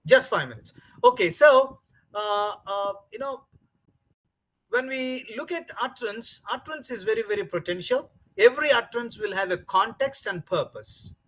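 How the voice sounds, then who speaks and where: A man leads a teacher-training session in a high voice. He talks emphatically, repeating key words over and over and filling pauses with "uh" and "you know". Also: expressive, fairly bright tone, low-quality recording. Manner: repetitive, emphatic, many fillers. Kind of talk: training lecture.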